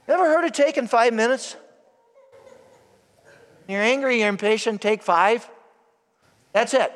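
A man's voice: very high-pitched, lively intonation, a little slow, long pauses, a bit bright. A male priest giving a sermon in a church, emphatic and asking the congregation rhetorical questions. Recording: long church reverb.

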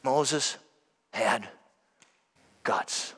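A man preaching a sermon, emphatic, often calling out to "everyone", sometimes dropping to a soft hush. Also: medium pitch, drawn-out words, breathy edge. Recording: long hall reverb.

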